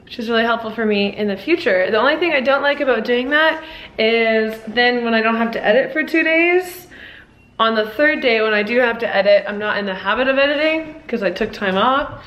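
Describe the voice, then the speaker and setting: A young woman in her twenties talking casually to her viewers in a vlog, chatty and excitable, often dropping to a hushed whisper. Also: fairly high pitch, fairly quick. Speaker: vlogger.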